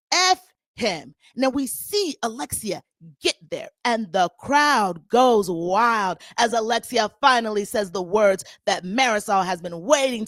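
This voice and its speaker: Sassy young woman host for a reality TV recap, bright higher voice, dry close sound, dramatic delivery. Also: no room sound. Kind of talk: casual gossip recap.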